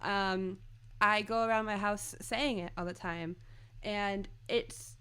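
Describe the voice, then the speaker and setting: A young woman chats casually on a fan podcast, often breaking into giggles as she quotes lines in playful voices. Her tone is bright and sharp, at an ordinary middle pitch. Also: steady tone, takes it slowly, smooth. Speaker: podcast co-host.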